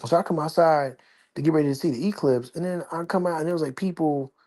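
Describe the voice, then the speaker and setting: Speaking fast with a dark tone, this man's voice sits on the high side. He's hosting a casual livestream chat from home in his apartment, rambling and slangy with his voice kept low.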